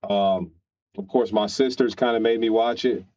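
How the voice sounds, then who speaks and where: A man's voice: on the low side, fairly even intonation, normal speed, darkish tone, highs cut off. Crude, opinionated man ranting. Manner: opinionated, crude, rambling with restarts. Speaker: streamer. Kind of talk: casual rant on a stream.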